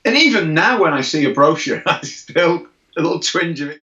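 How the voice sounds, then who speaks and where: A man's voice: on the high side, animated, a little fast, sharp tone. Drummer guy chatting, keen and upbeat, sound a bit muffled. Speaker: drummer and podcast co-host. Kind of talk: casual chat.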